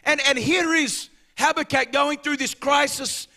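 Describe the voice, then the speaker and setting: A man preaching a sermon as pastor, impassioned, swelling to shouts and dropping low, and calling the congregation to answer back. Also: fairly even intonation, measured pace, vocal fry. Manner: calls for congregation responses.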